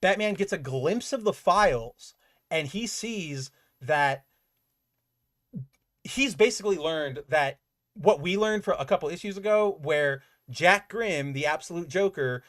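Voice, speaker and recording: A man hosting a comic book podcast, recapping an issue in casual, animated chat, filling his talk with "like" and swearing freely. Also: on the high side, a little slow.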